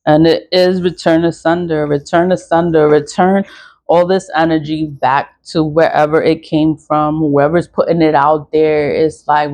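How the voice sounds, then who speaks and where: A spiritual vlogger who sells cleansing products talks casually to her viewers in a rambling, profane monologue, laughing often. Her voice is low with a darkish tone.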